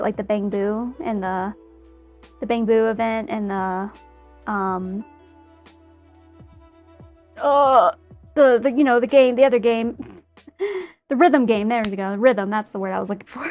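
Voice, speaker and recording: Bubbly high-voiced young woman. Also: a little mellow. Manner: bubbly, rambling, giggly. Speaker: streamer painting a figure. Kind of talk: casual chat while crafting.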